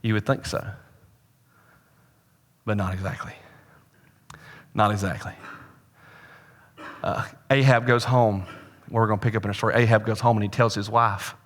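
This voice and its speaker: Pastor preaching in a reverberant hall. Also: male voice, on the low side, fairly even intonation, normal speed, pauses often. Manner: storytelling with humor, swings between loud and hushed. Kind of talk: sermon. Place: church sanctuary.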